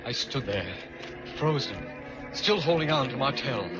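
A man's voice: medium pitch, animated, measured pace. A man narrating in the first person with a tense, haunted delivery, in an old-time radio drama. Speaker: narrator and lead. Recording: muffled old radio recording with music.

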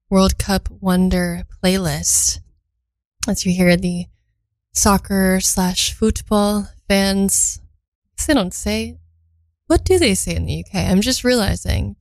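A woman's voice: mid-range voice, no room sound, rough recording. A young woman from Belgium hosting a casual radio show, chatting between songs and thinking aloud as she reads facts for the first time.

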